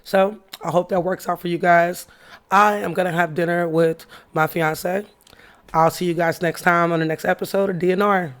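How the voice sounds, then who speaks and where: A woman's voice: on the low side, steady tone, moderate pace. Candid woman host telling a story. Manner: candid, reflective, retelling a heated run-in. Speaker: podcast host. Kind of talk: casual personal storytelling with a lesson.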